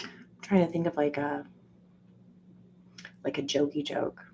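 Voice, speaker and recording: Profane, rambling woman vlogger, lower voice. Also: a little slow, slight background noise. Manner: profane, animated, jokey rants with frequent fillers; acts out quoted voices with jumps in pitch. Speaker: solo vlogger. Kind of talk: rambling casual monologue.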